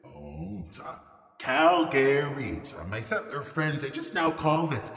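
A man's voice: on the high side, expressive, unhurried, vocal fry, a bit bright, roomy sound, big-room sound, heavily acted. An actor playing a mocking, boastful male trickster spirit who laughs at his own jokes.

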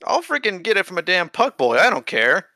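A man's voice: sits high, sing-song, a little fast, bright, forceful tone, no room sound. A man co-hosting a casual sports podcast, arguing emphatically, swearing and exaggerating. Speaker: podcast co-host.

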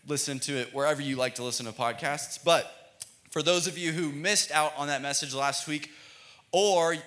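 Energetic young pastor. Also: male voice, medium pitch. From United States. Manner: energetic, playful, calls for audience responses. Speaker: student pastor. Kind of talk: youth sermon. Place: church.

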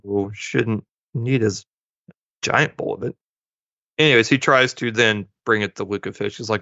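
A man's voice: fairly low pitch, moderate pace, bright, forceful tone, no room sound. A man co-hosting a podcast, casually retelling a movie plot and acting out the characters' lines in passing. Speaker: podcast co-host. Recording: dull lo-fi dry sound.

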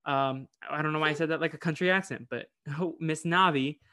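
A man's voice: fairly high pitch, a crowd in the background. Chatty playful man hosting a podcast. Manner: chatty, quick, playful plugs. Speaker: podcast host. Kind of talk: casual chat.

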